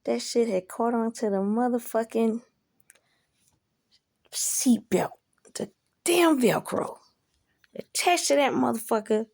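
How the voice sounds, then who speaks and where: Woman, casual storyteller; rambling and profane, with a higher-pitched voice. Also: slow, creaky, pauses often, a little mellow. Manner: profane, rambling, asks listener "you know?".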